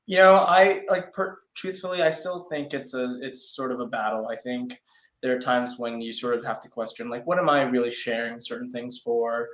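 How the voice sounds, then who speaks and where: A man's voice: mid-range voice, fairly even intonation, normal speed, fairly bright tone. A young man, an actor, speaking earnestly in an interview, hesitant and full of fillers. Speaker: actor guest. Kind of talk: interview conversation. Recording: roomy echo.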